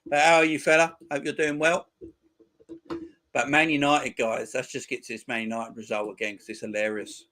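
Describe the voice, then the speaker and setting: A man's voice: medium pitch, little pitch movement, moderate pace, sharp tone. A man in his forties hosting a football channel, chatting casually with viewers on a live stream in crude, mocking banter. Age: 40s.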